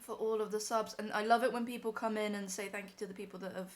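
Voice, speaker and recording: A woman's voice: mid-range voice, steady tone, fast talker. A young woman on a live stream, emotional and teary as she talks to her chat from home.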